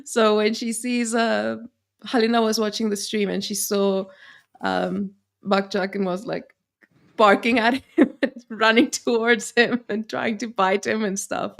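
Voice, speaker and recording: A woman's voice: medium pitch, level tone, measured pace, creaky. A woman co-hosting a live stream, giggly and full of fillers in casual chat. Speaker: co-host.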